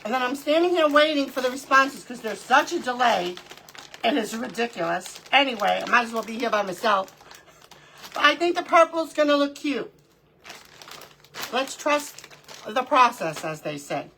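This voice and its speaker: A woman's voice: a little high, expressive, normal speed, sharp tone, slight background noise. A middle-aged woman hosting a live crafting stream, chatting casually, greeting viewers by name and talking to herself as she works. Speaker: livestream crafting host.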